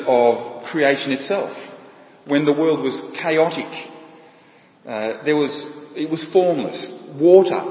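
A man preaching a sermon, halting and often repeating words as he restarts. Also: mid-range voice. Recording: dull, echoey hall with long reverb.

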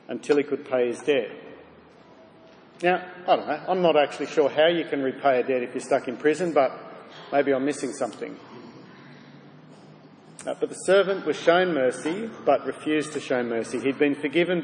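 A man's voice: a little high, darkish tone, a little hiss or hum. Man preaching in a roomy church hall. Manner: earnest, direct address with rhetorical questions. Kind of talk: sermon. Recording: reverberant hall, faint ambience.

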